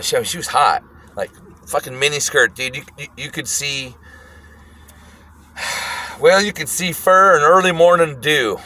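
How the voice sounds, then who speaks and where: A man casually telling a wild story, animated and profane, often breaking into laughter. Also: medium pitch, a little hiss or hum.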